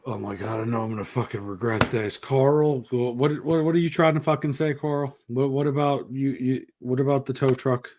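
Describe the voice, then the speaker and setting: A man's voice: mid-range voice, fairly even intonation, normal speed, hardly any pauses, background noise. A man hosting a casual podcast, telling stories bluntly and swearing freely while teasing his crew. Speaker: podcast host. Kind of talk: casual chat, profane storytelling.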